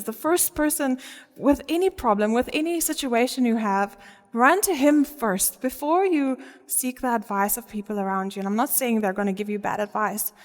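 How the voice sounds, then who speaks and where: A fairly high-voiced woman gives a sermon, earnest and warm in her emphasis, often breaking into a laugh. Her voice rings out with the long reverb of a big church hall. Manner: earnest, laughs often, stresses key words. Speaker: preacher.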